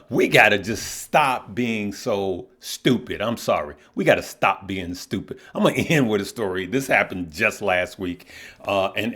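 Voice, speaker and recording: Male finance vlogger, blunt and opinionated, chatty storyteller with a mid-range voice. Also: mid-range voice. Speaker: investing course host. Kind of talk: casual vlog monologue.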